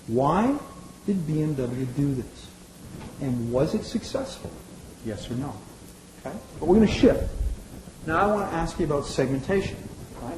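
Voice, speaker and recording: A man in his forties giving a lively marketing lecture to a class, often checking in with "right?" and acting out the dialogue he quotes. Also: fairly high pitch. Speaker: marketing professor. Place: lecture hall. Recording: echoey room, faint noise.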